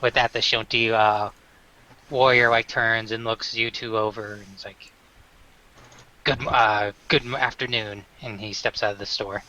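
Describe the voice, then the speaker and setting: A man's voice: fairly low pitch, flat delivery, moderate pace, sharp tone, a little hiss or hum, low-quality recording. A man narrating as game master of a tabletop game, rambling with many fillers and restarts.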